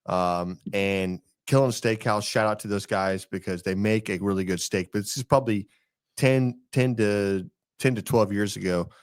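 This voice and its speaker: A man's voice: on the low side, fairly even intonation, normal speed, clear, resonant tone. Rambling joking man on a podcast. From Texas. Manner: rambling, jokey, laughs often. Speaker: podcast co-host. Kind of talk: casual chat.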